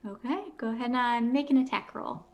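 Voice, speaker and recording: A woman's voice: on the high side, fast. A woman running a tabletop game as dungeon master, narrating scenes with frequent fillers and self-corrections.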